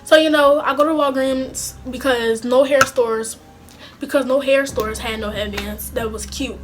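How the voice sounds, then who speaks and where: A young woman telling a casual storytime vlog, animated and slangy, with some swearing. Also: high-pitched, a little slow, music in the background. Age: young adult. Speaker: vlogger.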